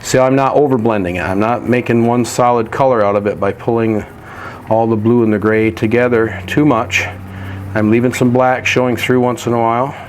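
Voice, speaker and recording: A man gives a step-by-step painting demonstration, talking through each stroke in a relaxed, practical way. His voice sits at an ordinary pitch. A faint noise hangs behind him. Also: normal speed. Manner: relaxed, practical, explains while working. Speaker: painting instructor.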